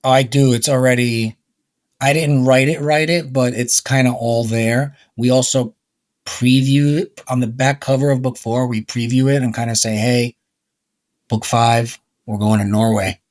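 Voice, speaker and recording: Casting note: laid-back New York man, middle-aged, mid-pitched and dry, casual rambling guest. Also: fairly even intonation, normal speed, darkish tone, no room sound. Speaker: guest author and rapper. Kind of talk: casual conversation.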